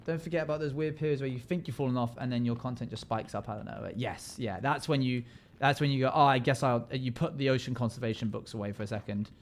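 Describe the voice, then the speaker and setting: A man streaming a game live, chatting casually and jokily with sudden loud playful yells. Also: medium pitch, fast talker, few pauses, a little hiss or hum. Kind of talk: casual live-stream chat while gaming.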